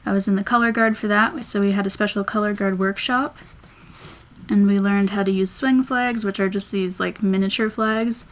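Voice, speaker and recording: A woman's voice: mid-range voice, steady tone, normal speed. Chatty young woman rambling while drawing. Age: 20s. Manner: chatty and rambling, thinking out loud. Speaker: vlogger. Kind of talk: casual chat while drawing.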